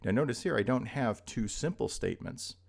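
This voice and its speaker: A man's voice: medium pitch, lively intonation, brisk, creaky, darkish tone. A man giving a recorded logic lecture, explaining patiently and checking in with frequent asides to students. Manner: explanatory, repeats points with frequent "right?" checks. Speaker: logic instructor.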